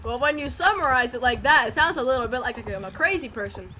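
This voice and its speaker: A woman's voice: high-pitched, lively intonation, fast talker, sharp tone, slight background noise. A young woman streamer chatting casually, playful and mock-bossy, swearing and hurling silly insults. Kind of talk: casual chat. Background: music.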